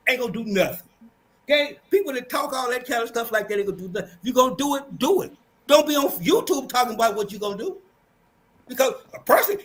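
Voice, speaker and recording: A man's voice: very high-pitched, fairly bright tone. An older man from Texas, a panel guest, talking bluntly and dismissively, repeating his points. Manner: blunt, dismissive, repeats himself, keeps saying hold up. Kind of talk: heated panel argument.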